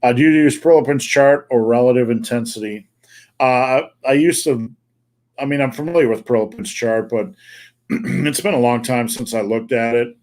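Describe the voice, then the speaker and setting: A man's voice: medium pitch, moderate pace, a little mellow. Blunt middle-aged man with faint Wisconsin accent. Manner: blunt, profane, jokey. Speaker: podcast host answering viewer questions. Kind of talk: live podcast chat. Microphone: remote call.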